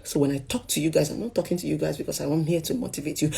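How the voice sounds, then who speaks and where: A young woman with a Nigerian accent telling a personal story as emotional testimony, swinging between hushed and loud. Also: deep voice, rapid-fire, gravelly, a little hiss or hum. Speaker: speaker sharing a personal story.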